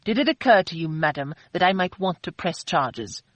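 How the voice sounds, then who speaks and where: A woman narrator voicing a gruff, brooding man nursing a hangover, given to blustering outbursts. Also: on the low side, lively intonation, normal speed, dry recording. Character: gruff, brooding hungover man, quick to anger.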